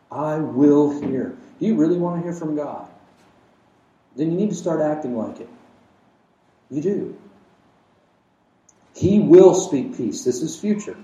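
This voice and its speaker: A man delivering a sermon in a reverberant sanctuary, heard from a little way off the microphone. His voice is dark and mellow, sitting slightly high for a man. He preaches emphatically, firing rhetorical questions and swinging from loud declarations to hushed asides. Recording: echoey room, mic at a distance.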